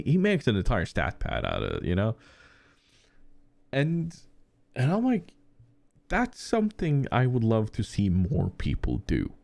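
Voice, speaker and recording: Low-pitched male podcast co-host, dry recording; loose, rambling storyteller who restarts sentences. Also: vocal fry, a little mellow, no echo. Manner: rambling anecdotes with frequent fillers and restarts. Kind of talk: casual chat.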